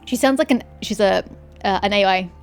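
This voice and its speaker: A woman playing a video game and commentating casually, sarcastic and quick to swear, reading the on-screen text aloud. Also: medium pitch, faint music behind. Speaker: let's-play streamer.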